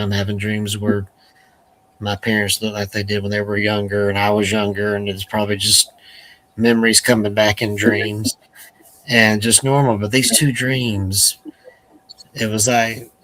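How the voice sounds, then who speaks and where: A man hosting a casual conversation, recounting personal memories in a reflective, unhurried way. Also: on the low side, a bit bright, low-quality recording.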